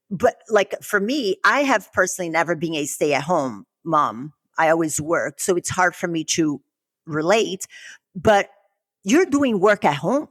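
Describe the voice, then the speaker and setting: A woman's voice: on the low side, expressive, a little slow, a bit bright, no echo, studio quality. Outspoken woman podcast host. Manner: outspoken, emphatic, swears for emphasis. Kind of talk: conversational podcast interview.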